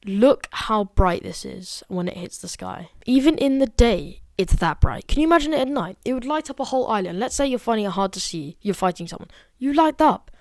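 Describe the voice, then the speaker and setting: A student woman giving a casual, chatty review of a game update, excitable and full of fillers. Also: medium pitch, brisk, no echo. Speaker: gaming video creator.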